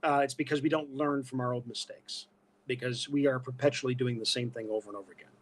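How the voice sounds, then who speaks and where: A man's voice: mid-range voice, fairly even intonation, fast talker. A man talking as a guest on a casual podcast, telling stories in an emphatic, self-mocking way.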